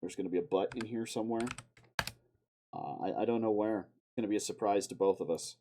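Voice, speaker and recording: On a live stream, a man mutters to himself as he edits a video, cursing frequently and erupting without warning. His voice is lowish and a little fast, and the background is noisy.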